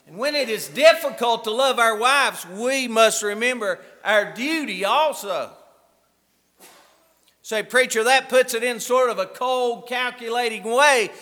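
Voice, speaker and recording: A man preaching a sermon as a pastor, telling a story and swinging between soft asides and emphatic points. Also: very high voice, measured pace. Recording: echoey hall from far off.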